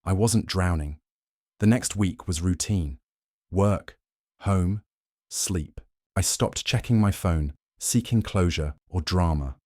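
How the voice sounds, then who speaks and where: Male narrator, very low voice, dry sound, cold and measured first-person story. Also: mellow, dry recording.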